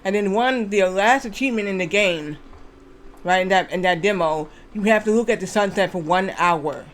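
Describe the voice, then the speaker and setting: A man's voice: high-pitched, normal speed, a bit bright. A man streaming a game, chatting in a rambling, casual way with restarts and frequent swearing. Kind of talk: casual gameplay commentary.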